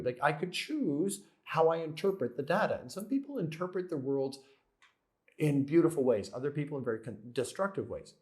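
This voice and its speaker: A man's voice: on the high side, big pitch swings, fairly quick, darkish tone. A man giving an earnest spiritual self-help talk, repeating phrases and asking rhetorical questions. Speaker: motivational speaker.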